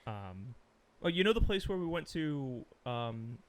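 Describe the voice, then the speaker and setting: A man co-hosting a podcast in casual chat, animated, laughing often and swearing freely. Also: medium pitch, measured pace. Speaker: podcast co-host.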